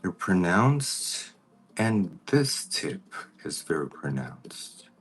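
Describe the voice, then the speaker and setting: Slow-talking man chatting through makeup. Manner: chatty, greets viewers by name in a high excited voice. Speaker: makeup artist vlogger. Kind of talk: casual livestream chat while doing makeup.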